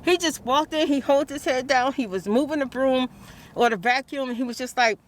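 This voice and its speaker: Stressed woman. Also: high-pitched. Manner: stressed, praying aloud, halting restarts. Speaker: vlogger. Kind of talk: emotional vlog monologue.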